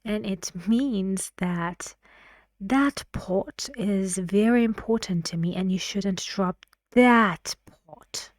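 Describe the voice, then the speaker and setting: A woman explaining intonation in an English lesson, patient and clear, sometimes dropping to a whisper. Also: mid-range voice, slow pace, darkish tone, no echo, studio quality. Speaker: English teacher.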